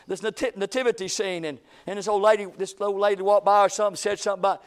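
A man preaching with a fairly high voice. His sermon is folksy and conversational, full of asides to the congregation, then builds into rhythmic, emphatic runs. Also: quick pace, smooth. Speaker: pastor.

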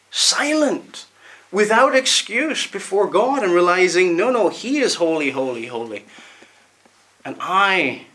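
A man preaching a sermon, emphatic, repeating words and slowing down to stress them. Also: fairly high pitch, fairly bright tone.

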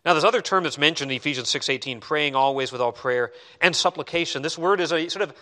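A male pastor delivering a sermon with a bright, forceful tone and a voice set a little higher than most men's. He preaches in an animated, conversational way and drops in self-deprecating asides. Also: quick pace.

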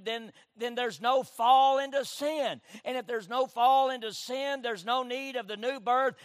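High pitched pastor guy preaching, dry mic, says amen a lot, gets loud then quiet. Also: no echo. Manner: preaching with call-and-response amens, swinging from loud to hushed. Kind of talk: sermon.

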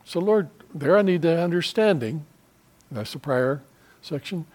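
A male pastor of middle age delivers a sermon in an earnest, conversational way. His voice sits a little high, and he often restarts his sentences and drops into short prayers as he talks. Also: expressive, a little slow, darkish tone.

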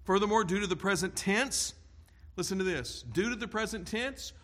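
A male pastor delivering a sermon in a slightly high voice. He preaches emphatically and deliberately, leaning hard on single words and repeating lines for weight. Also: expressive, a bit bright.

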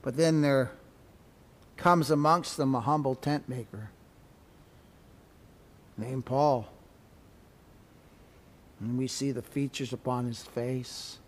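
A pastor preaching a dramatic sermon, swinging between loud exclamations and soft asides. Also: male voice, mid-range voice, steady tone, slow, pauses often. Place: church sanctuary. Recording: long church reverb.

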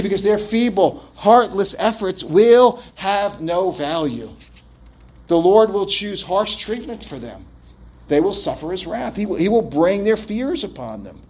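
A man preaching an expository sermon, emphatic, asking rhetorical questions and often repeating and restarting his words. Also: high voice.

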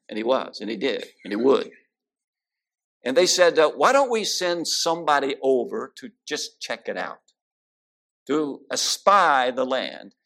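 Male preacher, gravelly, folksy sermon with scripture and jokes. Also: fairly high pitch, a bit bright. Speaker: guest preacher.

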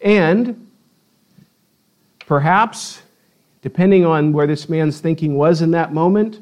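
A man preaching a sermon, telling the story in a lively, playful way and acting out the quotes. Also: fairly high pitch, slow, pauses often. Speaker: pastor.

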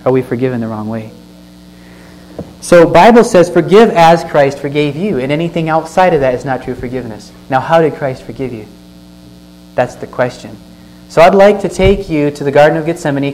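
Earnest preacher teaching from scripture. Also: male voice, medium pitch, a little mellow, low-quality recording. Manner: earnest teaching, stresses words, asks the listeners questions. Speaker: pastor. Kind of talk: sermon with scripture reading. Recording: faint mains hum.

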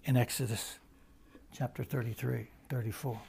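A man preaching to his congregation in a gravelly voice. He sinks to quiet, drawn-out phrases and then climbs to loud, ringing emphasis. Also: mid-range voice. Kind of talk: sermon.

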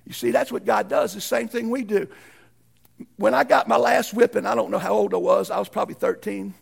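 A man preaching a sermon in a folksy way, swinging from shouted peaks to hushed lows. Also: fairly even intonation, fairly quick, gravelly, slightly rough. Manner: folksy, uses ain't and y'all. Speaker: pastor.

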